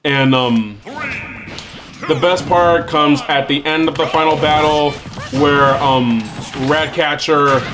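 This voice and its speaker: Slow, halting male streamer over game music. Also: on the high side. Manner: halting, many um fillers and restarts; bursts into excited shouts at the game. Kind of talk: livestream gameplay chat. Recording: game music playing loudly behind.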